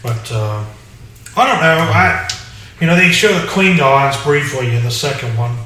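A man chats as co-host of a loose podcast, halting and restarting often, his voice bright and clear. He sounds set back from the mic in a very echoey room. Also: medium pitch, lively intonation, recorded from a distance, slight background noise. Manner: halting, many fillers and restarts. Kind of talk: casual chat.

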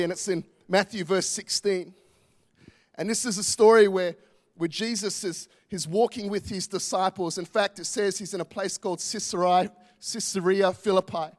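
A male pastor, preaching a passionate, emphatic sermon full of repetition. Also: high-pitched.

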